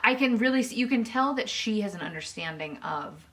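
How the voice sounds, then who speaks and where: A female vocal coach with a bright, forceful voice talks through a singer's technique. Her tone is casual and analytical, and she fills her thinking with frequent "like"s. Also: medium pitch, lively intonation, fairly quick. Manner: analytical, thinks aloud with many "like" fillers. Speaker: voice teacher and co-host. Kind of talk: casual reaction chat.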